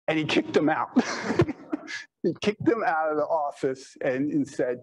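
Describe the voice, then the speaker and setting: A man's voice: on the high side, animated, measured pace, darkish tone, low-quality recording. A man telling business anecdotes in a rambling, chatty way, leaning on "you know" and laughing at his own stories. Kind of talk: anecdotal storytelling talk.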